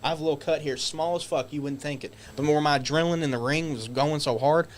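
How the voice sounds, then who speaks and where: A man guest on a podcast, telling stories casually, animated and swearing, acting out shouted quotes. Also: fairly high pitch, fast talker. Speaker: guest wrestler. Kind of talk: casual storytelling.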